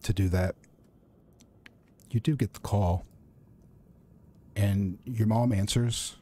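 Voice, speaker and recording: Low, calm male game master. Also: slightly rough. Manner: calm, measured narration. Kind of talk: narrating a tabletop horror game.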